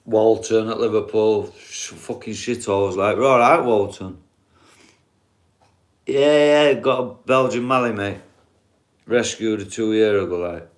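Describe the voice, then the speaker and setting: A man's voice: on the low side, measured pace. Sweary man on a livestream. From England. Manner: blunt, sweary, rambling. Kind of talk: casual live stream chat.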